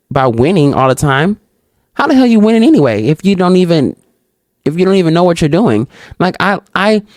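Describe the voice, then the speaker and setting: Hosting a podcast by herself, this woman poses reflection questions and responds with animated candor, speaking right to her audience. She performs brief exchanges in raised voices, and there's no echo on the track.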